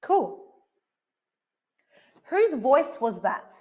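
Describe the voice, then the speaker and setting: A woman's voice: high voice, sing-song, extremely slow, dark tone, muffled recording. A woman hosting a live online coaching session, emphatic and repetitive, swearing casually as she speaks to viewers. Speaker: online event host.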